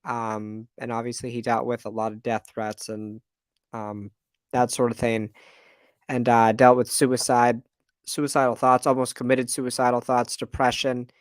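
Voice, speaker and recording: A man's voice: medium pitch, level tone, a little slow, smooth, dry recording, clean studio sound. A man co-hosting a fan podcast in casual, enthusiastic chat with many fillers. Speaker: podcast co-host.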